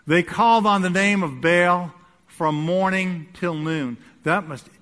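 A male pastor preaching a sermon in a church, swinging between loud urging and quiet asides. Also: high voice, measured pace. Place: church sanctuary. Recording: echoey hall.

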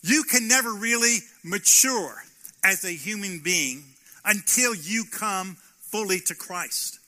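A male pastor delivers a sermon in a high, very bright voice. He presses his points with rhetorical questions and emphatic repetition. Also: expressive, slow pace.

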